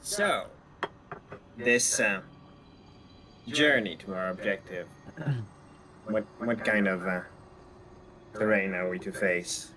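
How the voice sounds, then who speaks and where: A man's voice: lowish voice, slow, pauses often, sharp tone, poor audio. A man playing in a tabletop game, speaking casually and stumbling over his words. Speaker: player.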